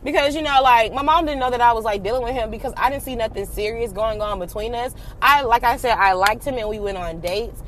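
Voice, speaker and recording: A young adult woman telling a personal story in casual, slangy talk, animated and swearing freely. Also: on the high side, fairly quick, hardly any pauses, a little hiss or hum.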